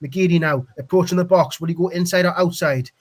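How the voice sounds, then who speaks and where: High-voiced excitable match commentator man. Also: brisk. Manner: excitable, voice leaps up on chances. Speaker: play-by-play commentator on a fan live stream.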